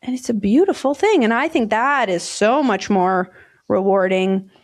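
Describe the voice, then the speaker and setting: A woman therapist talking as a podcast guest, animated and expressive, acting out little quoted voices as she goes. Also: mid-range voice, normal speed. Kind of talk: casual podcast conversation.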